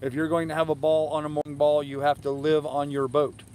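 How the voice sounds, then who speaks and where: An older man's fairly high, flat, brisk, slightly mellow voice comes through a rough recording with slight background noise. He hosts a sailing livestream from his boat moored in a harbor in the evening outdoors, reading viewer comments aloud and rambling easily through answers full of fillers.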